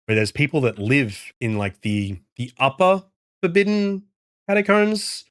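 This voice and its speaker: A man's voice: mid-range voice, unhurried, clear, resonant tone, dry recording, clean studio sound. A man chatting casually on a live stream from home into a desk mic, rambling, swearing and answering chat messages. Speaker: game streamer and indie developer.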